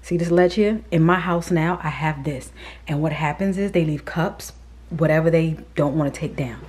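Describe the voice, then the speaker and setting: Low, mellow-voiced woman vlogging casually. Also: normal speed. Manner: chatty and candid, often drops to a whisper. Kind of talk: casual chat while touring a model home. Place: indoors, model townhouse.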